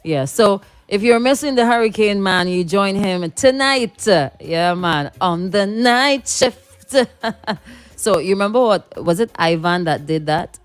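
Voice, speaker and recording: A woman's voice: mid-range voice, animated, a little slow, clean tone, no echo, faint music behind. A woman from the Caribbean hosting morning radio, chatting casually and reading listener comments aloud, laughing often. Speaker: radio host.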